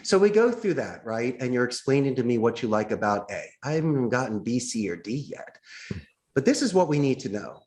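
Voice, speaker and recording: A man, a call center boss, explaining sales phone tactics with enthusiasm and acting out calls in bright voices. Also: medium pitch, very animated, brisk. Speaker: call center CEO, interview guest. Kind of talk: animated sales coaching talk. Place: in Costa Rica.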